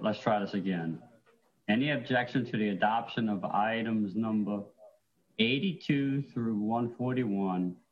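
A man chairing a council meeting, calling out item numbers and motions in a measured, procedural way. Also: lowish voice, highs cut off. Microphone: remote call-in audio.

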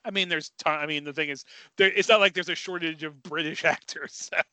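Opinionated guy rambling on a podcast, bright voice, dead dry sound. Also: fairly high pitch, fairly even intonation, fairly quick, no echo. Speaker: podcast co-host. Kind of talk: casual chat.

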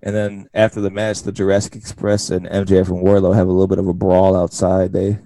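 A deep, gravelly man in a dry, close-miked booth, chatting casually about wrestling as a podcast co-host. His tone is dark and low, and he laughs a lot while acting out what the wrestlers said. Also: completely flat delivery, fast, dry recording. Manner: laughs often, acts out wrestlers' lines.

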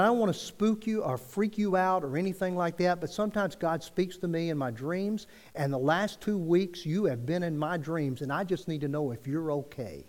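A man tells a personal story from the pulpit, casual and conversational, with frequent restarts as he acts out each exchange. His voice sits a little high for a man. It rings out with a long hall reverb. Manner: conversational, quotes dialogue with restarts. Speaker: preacher telling a story. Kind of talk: sermon storytelling.

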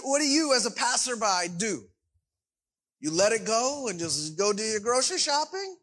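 A man's voice: extremely high pitch, bright, forceful tone, poor audio. A man preaching a sermon in a conversational way, often checking in with his congregation. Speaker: pastor.

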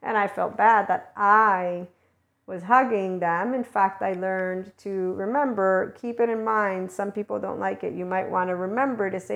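In an unhurried, gravelly medium-pitched voice with fairly even intonation, a woman acting as a guidance channeler rambles through a casual spiritual teaching, laughing softly as she chats. The audio is dull.

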